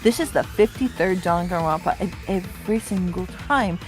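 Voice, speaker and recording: A woman's voice: lowish voice, moderate pace, soft background music. A woman co-hosting a casual drinking chat, ranting emphatically and swearing freely, slightly tipsy. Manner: emphatic, profane, rants with mocking put-on quotes. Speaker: podcast co-host. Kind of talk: casual chat about a video game.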